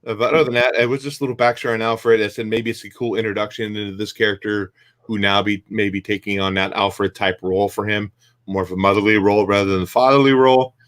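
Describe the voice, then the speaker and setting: A man's voice: fairly low pitch, steady tone, quick pace, fairly bright tone. Hesitant man reviewing comics. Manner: hesitant, lots of fillers. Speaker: podcast co-host. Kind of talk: casual comic book review chat.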